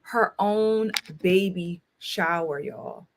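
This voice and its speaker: With medium pitch and drawn-out words, a woman in her thirties hosts an easygoing livestream, speaking to viewers directly, repeating phrases and pressing her points. She is both a talk show host and a school counselor, and slight background noise is audible.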